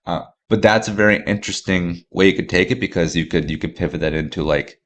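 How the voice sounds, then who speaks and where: Very deep-voiced man rambling about movies. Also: fast. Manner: rambling, filler-heavy, enthusiastic. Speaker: podcast host. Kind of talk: casual podcast chat.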